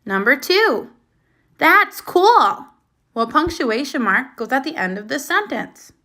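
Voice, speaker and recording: Bright, animated woman teaching young children. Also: high voice. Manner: slow, clear and encouraging, with lively praise. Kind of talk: recorded phonics lesson for young children.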